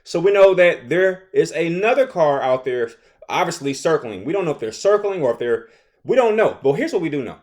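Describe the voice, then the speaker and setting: A young man casually recapping a TV episode, rambling and animated, often acting out characters' lines. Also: on the high side, a little fast. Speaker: show recap host.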